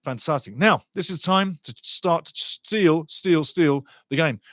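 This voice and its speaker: A man commentating live on a soccer match for a watchalong stream, excitable and sarcastic, often repeating his phrases. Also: on the high side, a little slow, dry recording, studio quality.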